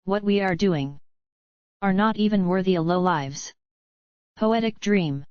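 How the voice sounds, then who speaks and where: A woman reading a screenplay aloud in a flat manner, naming each speaker before the line. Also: mid-range voice, unhurried, no echo, muffled recording.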